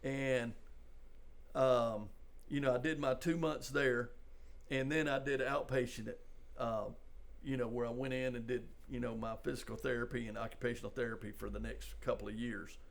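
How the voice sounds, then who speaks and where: An older man, a police sergeant, telling a personal story in a halting, conversational way, full of "you know". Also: medium pitch, steady tone, gravelly. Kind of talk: storytelling in a podcast interview.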